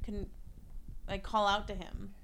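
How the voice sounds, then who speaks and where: A young woman in a casual chat, talking in a relaxed, drawling way and swearing casually. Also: mid-range voice, unhurried, vocal fry, a little hiss or hum. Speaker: co-host.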